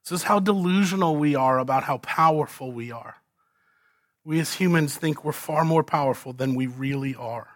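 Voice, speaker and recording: Male preacher, dry close sound, goes from loud to hushed. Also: fairly high pitch, moderate pace, dry recording. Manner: dramatic swings from loud to hushed, rhetorical questions. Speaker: pastor. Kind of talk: expository sermon.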